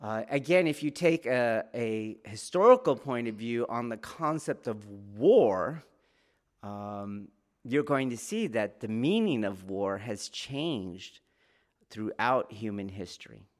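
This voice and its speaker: A man's voice: medium pitch, lively intonation, slow pace. Man giving a chatty martial arts talk. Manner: conversational, keeps checking in with listeners. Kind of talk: informal lecture.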